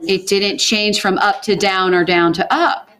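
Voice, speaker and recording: A woman's voice: medium pitch, steady tone, fairly bright tone. A woman teaching a math class in a classroom, walking students through problems and asking them questions as she goes. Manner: brisk, asks the class questions and answers them.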